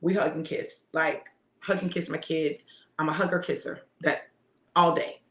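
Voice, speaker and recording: A woman's voice: low-pitched, steady tone, normal speed, a bit bright. A middle-aged woman who preaches, telling a family story in a casual, heartfelt way and laughing often. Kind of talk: casual motivational talk. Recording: roomy echo.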